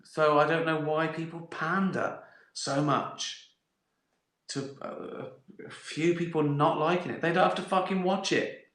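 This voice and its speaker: A man's voice: fairly high pitch, steady tone, unhurried, fairly bright tone. A middle-aged man hosting a casual live stream, reading viewer questions and swearing often, breaking into laughter and acting out little voices. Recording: echoey room.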